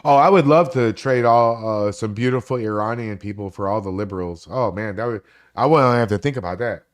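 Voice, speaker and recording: A man in his forties with a lowish voice chats on a live stream, swearing freely as he rambles. He jumps from one story to the next with animated, loose energy. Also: brisk. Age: 40s. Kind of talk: casual live-stream chat.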